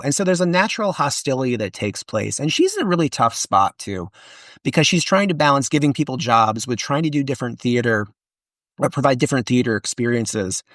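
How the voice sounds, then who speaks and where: A man, an author and historian, talking in a casual podcast interview, animated and chatty with many restarts and fillers. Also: medium pitch, brisk, no echo.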